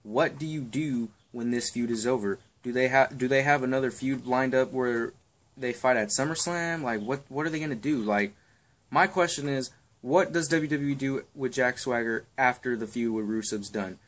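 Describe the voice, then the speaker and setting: A man's voice: mid-range voice, normal speed. A young man giving wrestling match predictions in a rambling, crude, offhand chat full of ums and swearing. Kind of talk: casual chat.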